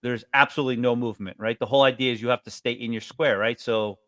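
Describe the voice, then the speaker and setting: A middle-aged man from New York State chatting casually as a podcast co-host, telling stories with lively acted-out voices. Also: mid-range voice, fast, no echo. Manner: animated storyteller, acts out quoted voices loudly. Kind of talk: casual chat.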